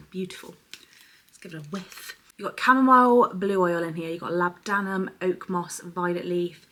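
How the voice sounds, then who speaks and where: A young woman talks through an unboxing in a chatty, gushing way. Her voice sits a little low but rings bright and forceful, with a husky edge. Now and then she drops to a soft hush as she shows each item. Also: normal speed. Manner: chatty and effusive, often dropping to a soft hush over products. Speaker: beauty vlogger. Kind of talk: casual unboxing chat.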